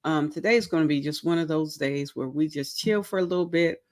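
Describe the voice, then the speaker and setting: A woman's voice: deep voice, brisk, darkish tone. A tired, goofy woman hosting a casual crochet livestream, giggling often as she greets viewers and reads chat aloud. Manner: goofy, playful, self-mocking.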